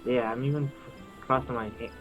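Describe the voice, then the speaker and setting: A man's voice: mid-range voice, steady tone, moderate pace, fairly bright tone, lo-fi sound. A man co-hosting a game stream, chatting in a playful, mock-confident way. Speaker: co-host and game guide. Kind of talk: casual gaming chat. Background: video game music.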